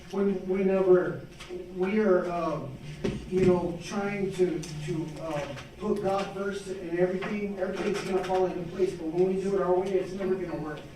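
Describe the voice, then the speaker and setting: A man's voice: sits high, a little mellow. A middle-aged man gives a fervent, preacherly testimony at a city council meeting, repeating his phrases as he speaks. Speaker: honored community volunteer. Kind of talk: impromptu testimony speech. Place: city hall council chamber. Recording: echoey chamber from far off.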